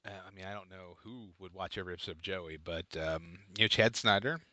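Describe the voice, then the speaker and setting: A man's voice: deep voice, quick pace, sharp tone, dry recording. A man co-hosting a casual comedy podcast, playful and jokey, rambling with lots of fillers. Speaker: podcast co-host.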